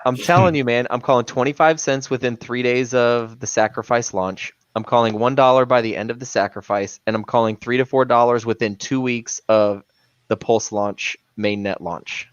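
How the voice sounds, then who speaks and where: A man's voice: mid-range voice, steady tone, normal speed, clean tone, no echo, dull audio. A man co-hosting a casual crypto livestream, talking emphatically and saying "man" often. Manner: emphatic, says "man" a lot.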